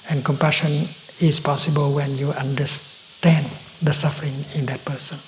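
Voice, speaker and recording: A man giving a slow, gentle dharma talk as a meditation teacher, halting often and dropping to a soft whisper at times. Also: on the high side, level tone, a little hiss or hum, poor audio.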